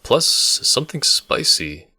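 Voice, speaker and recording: A man's voice: medium pitch, sing-song, takes it slowly, pushed and bright, breathy edge, dry recording, studio quality, voice pushed up, full character voice. A man voicing a playful young male innkeeper's assistant who talks in a lilting, teasing way.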